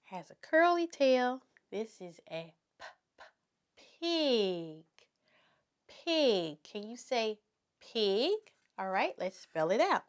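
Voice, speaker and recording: A woman teaching toddlers to write letters in a slow, encouraging preschool circle-time manner. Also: fairly high pitch, big pitch swings. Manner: slow, sing-song and encouraging, speaking to toddlers. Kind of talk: children's circle-time lesson.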